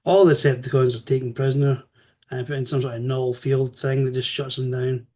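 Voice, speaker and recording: A man giving a casual spoken review, animated and chatty, swearing freely as he retells the story. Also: medium pitch, a little fast.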